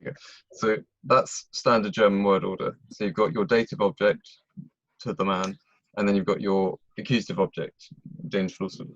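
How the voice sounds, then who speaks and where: Male tutor, low voice, patient explainer, dry dull call audio. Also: flat delivery, moderate pace, dry recording. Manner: patient, explains step by step with frequent checks. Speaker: German tutor. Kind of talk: online tutoring lesson.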